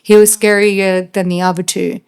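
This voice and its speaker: A woman with an Australian accent, a podcast guest, telling a personal story in a halting, flat way with lots of fillers. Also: medium pitch, gravelly, clean tone. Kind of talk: casual storytelling.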